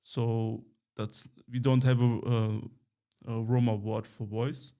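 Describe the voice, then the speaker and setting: A man whose first language is Romani, co-hosting a podcast in casual chat, pausing often with fillers and restarts. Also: mid-range voice, little pitch movement, mellow. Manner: hesitant, many fillers and restarts. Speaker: podcast co-host, journalist.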